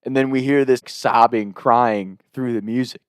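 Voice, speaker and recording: A young man telling a funny story casually, laughing often and acting out the other people loudly. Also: medium pitch, moderate pace, clear, resonant tone, no echo, clean studio sound. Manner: animated, laughing, acts out voices loudly. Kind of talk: casual anecdote.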